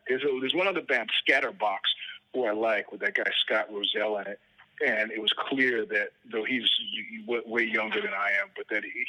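Bright-voiced man telling profane stories. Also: on the low side, low-quality recording. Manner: profane, rambling anecdotes, acts out quoted dialogue. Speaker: guest musician. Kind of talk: storytelling interview answers.

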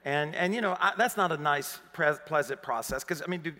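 A man in his fifties from Arkansas with a Southern accent, preaching a sermon, rising to emphatic questions and dropping low for personal stories. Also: brisk, sharp tone, big-room sound. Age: 50s. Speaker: pastor. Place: large church hall.

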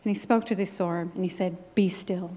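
A woman's voice: on the low side, fairly even intonation, fast talker, dark tone. A middle-aged woman preaching a sermon with a personal testimony, in an earnest, emphatic preaching cadence. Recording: long hall reverb.

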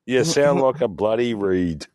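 A man's voice: mid-range voice, lively intonation, unhurried, crowd noise. A man in a casual online group chat, swearing heavily and mocking another player in crude banter. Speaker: voice chat participant.

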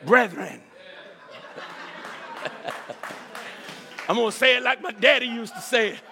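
A man preaching a sermon with enthusiasm, repeating words and swinging between loud calls and low murmurs. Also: measured pace, in a large hall, a faint crowd.

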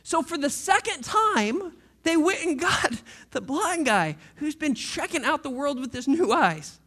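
A man's voice: very high-pitched, sing-song, a little slow, sharp tone. A male pastor giving a sermon in a playful storytelling manner, acting out the scripture with voices.

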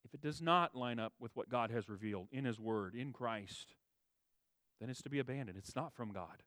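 A man preaching a sermon, stressing key words with a raised voice and dropping to quiet low asides, restating phrases for emphasis. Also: normal speed, no room sound. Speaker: pastor.

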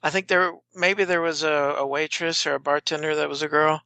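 A man's voice: a little high, fairly even intonation, brisk, creaky, pushed and bright, clear, resonant tone, no room sound. A man co-hosting a podcast, chatting casually and hesitantly recalling scenes, often trailing off. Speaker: podcast co-host. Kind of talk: casual film-discussion chat.

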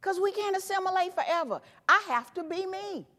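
High-voiced woman speaker in an echoing hall. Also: a little fast. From Tennessee, USA. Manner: animated, emphatic, punchy repeated phrases. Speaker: keynote speaker. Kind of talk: motivational speech. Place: conference hall stage. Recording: echoey hall with long reverb.

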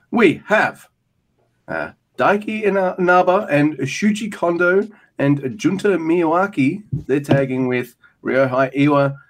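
Profane rambling podcast man. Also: fairly high pitch. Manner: rambling, profane, animated play-by-play. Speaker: podcast co-host. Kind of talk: casual wrestling recap chat.

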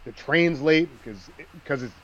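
Male co-host, relaxed and chuckling, casual film talk, slightly muffled lo-fi mic. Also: fairly high pitch, a little slow. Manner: relaxed, laughs while retelling scenes. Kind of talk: casual movie discussion.

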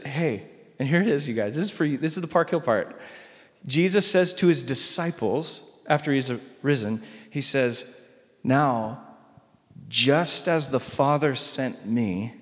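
Pastor preaching with sweeping dynamics. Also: male voice, medium pitch, long reverb tail. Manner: dramatic swings between loud emphasis and soft hushed lines. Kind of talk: sermon.

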